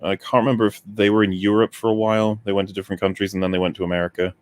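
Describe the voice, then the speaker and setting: Deep voiced guy from wales rattling off nerd lore fast. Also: flat delivery, slight background noise. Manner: knowledgeable, explaining, swearing. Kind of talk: casual chat.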